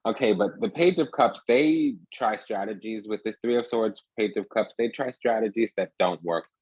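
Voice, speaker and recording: A man's voice: fairly low pitch, moderate pace, slightly rough, no echo, muffled recording. A man giving a rambling, emphatic casual tarot reading, talking restlessly from card to card. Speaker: tarot reader.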